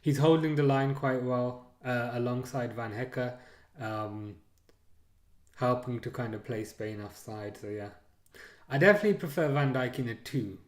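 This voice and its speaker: A reverberant recording captures a man with a mid-range voice at a moderate pace casually hosting a live stream over a match. He reads and replies to viewer comments, hesitating and drifting into lots of fillers in a relaxed way.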